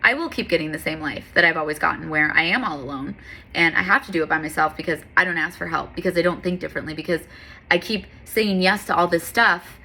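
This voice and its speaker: A woman's voice: fairly low pitch, quick pace, bright, forceful tone. A woman who teaches yoga, talking candidly and earnestly in a casual motivational monologue. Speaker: yoga and fitness instructor.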